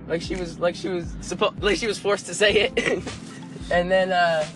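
A young man vlogging, telling a story in an animated, laughing way and acting out the people in it. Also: sits high, moderate pace, over music. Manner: animated, laughing, acts out the people in his stories. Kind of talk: casual storytelling.

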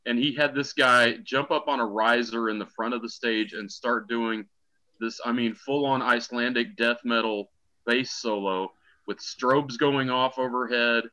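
Wry middle-aged man with a bright voice. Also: mid-range voice, steady tone, unhurried, lo-fi sound. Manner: wry, joking storyteller. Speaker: podcast guest, a co-host's father. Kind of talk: casual chat.

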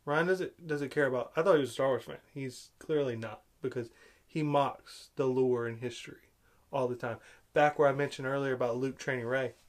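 A man's voice: mid-range voice, fairly even intonation, a little fast. A man ranting in film commentary, sarcastic and exasperated, repeating his complaints. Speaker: movie reviewer.

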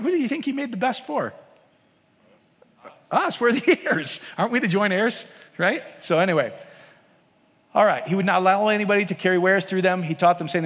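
A man's voice: sits high, a bit bright. Conversational preacher man in a reverberant hall. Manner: conversational, asks the congregation frequent questions. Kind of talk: sermon.

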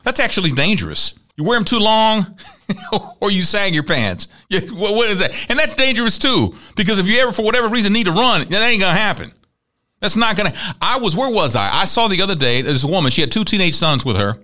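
A man's voice: high-pitched, very animated, a little fast, bright, forceful tone. A man hosting a talk show, casually running through news and celebrity gossip with wry asides and laughs at his own jokes.

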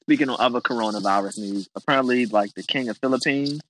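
A young man co-hosting a casual podcast, talking in an animated, incredulous way and swearing freely. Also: mid-range voice, fast, a little hiss or hum, rough recording. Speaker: podcast co-host.

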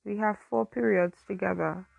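A cocky high-school boy who loves to needle people, as a woman reading a story puts him on. The voice is gravelly and creaky, set in a dry, close sound with no room around it. The taunts come out slowly and smugly. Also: steady tone, darkish tone, dry recording, muffled recording. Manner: smug, teasing. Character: young male high school jock, smug teaser.

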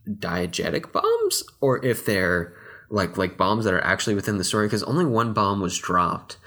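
A man's voice: low voice, a bit bright. A young man who grew up in Texas, co-hosting a casual film podcast, rambling with lots of fillers and restarts. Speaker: podcast co-host.

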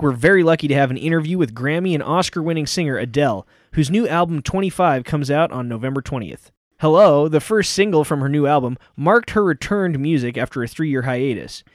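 A formal radio announcer, played by a man, reads smooth scripted introductions. His voice sits a little high, and the recording is dry and close. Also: no room sound, close to an everyday voice.

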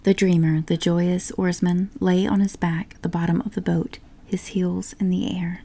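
A woman narrating a storybook in a soft, unhurried whisper. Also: lowish voice, flat delivery, vocal fry.

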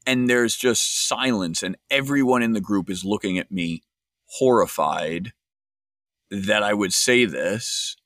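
A man's voice: medium pitch, lively intonation, measured pace, a bit bright, no room sound, clean studio sound. A man hosting a podcast, telling a travel story wryly before moving into casual commentary. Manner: conversational, wry, with fillers and restarts. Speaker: podcast host.

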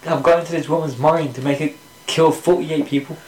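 A man's voice: fairly high pitch, steady tone, a little mellow. Teasing man hosting a podcast. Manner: teasing, jokey, quick to laugh. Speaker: podcast host. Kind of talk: casual true crime podcast chat. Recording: echoey room with faint noise.

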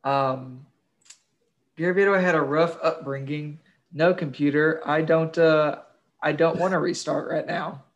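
A man's voice: a little high, fairly even intonation, unhurried, muffled recording. A young man co-hosting a casual true-crime podcast, crude and swearing freely, laughing while he tells grim facts. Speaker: podcast co-host.

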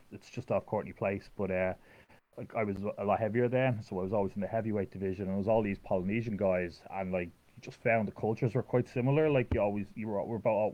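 A man's voice: on the low side, warm tone. A man in his thirties from Ireland with an Irish accent, telling stories in a casual chat with lots of fillers and restarts. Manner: rambling storyteller, many fillers and restarts. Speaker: guest. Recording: dull lo-fi audio.

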